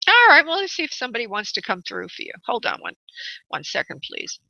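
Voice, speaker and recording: Brief: bright, fairly high woman, radio medium host, dry muffled sound. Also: wildly swooping pitch, a little fast, gravelly, dry recording. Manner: calls callers honey and sweetheart. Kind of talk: radio call-in readings.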